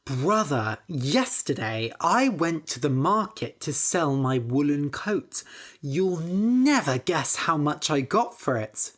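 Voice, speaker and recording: A woman's voice: deep voice, very animated, slow, heavily acted. A woman voicing a clever young man who tricks everyone, sly and matter-of-fact.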